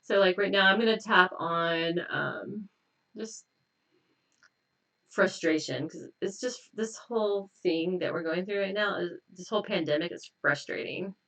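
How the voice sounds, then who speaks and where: Leading a tapping exercise on her live stream, a hypnotist chats in a relaxed way, laughs frequently and has viewers repeat affirmations, sounding a bit weary. She speaks a little slowly in a lowish voice, picked up by a distant mic in a rough recording.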